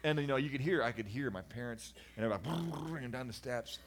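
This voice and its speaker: A middle-aged man, a guest in a conversation, giving a candid personal testimony about his past in an animated, earnest way with frequent restarts. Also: medium pitch, quick pace. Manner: animated storyteller, acts out voices of people in his story. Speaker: guest sharing his life story.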